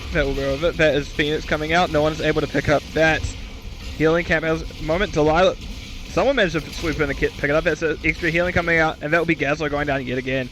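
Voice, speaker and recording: A man's voice: fairly high pitch, fairly bright tone. A man giving solo esports commentary, chatty and self-mocking, stumbling over player names and correcting himself. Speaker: esports caster.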